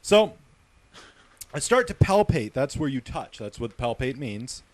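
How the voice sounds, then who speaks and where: A man's voice: mid-range voice, sing-song, unhurried. A middle-aged man telling a gross work story on a radio talk show, chatty and laughing, swearing freely. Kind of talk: casual storytelling banter.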